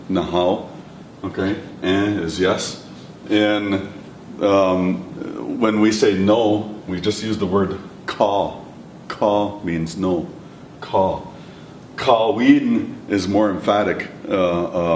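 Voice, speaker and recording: Low-voiced man teaching in an echoey room. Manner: patient, repeats words slowly for learners. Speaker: language instructor. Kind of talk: classroom lesson. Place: classroom or lecture room. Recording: echoey room, mic at a distance, faint rumble.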